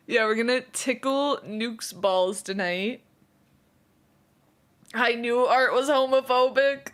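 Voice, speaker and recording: A young woman streamer chatting to her viewers with a bright, high voice. She talks fast and giggles a lot, and she keeps fretting over her own pronunciation. Her pace drifts slow and drawn out. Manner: fast-talking, giggly, self-conscious about her pronunciation. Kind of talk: casual live-stream chat.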